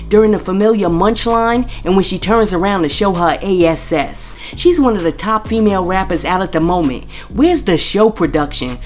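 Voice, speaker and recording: Chatty woman hosting celebrity gossip. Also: medium pitch. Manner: reads posts aloud, spelling out censored swear words; chatty, addresses viewers directly. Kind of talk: scripted gossip commentary.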